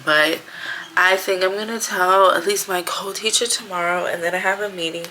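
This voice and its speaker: A woman's voice: lowish voice, steady tone, moderate pace, bright, forceful tone, a little hiss or hum. A woman in her thirties telling a personal story in a casual vlog, chatty and acting out what people said. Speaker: vlogger.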